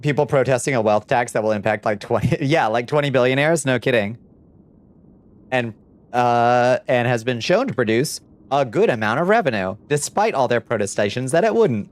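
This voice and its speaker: A man's voice: medium pitch, expressive, moderate pace. Chatty, swearing male streamer. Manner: chatty, swears casually, coos at his cat. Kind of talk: casual live-stream chat.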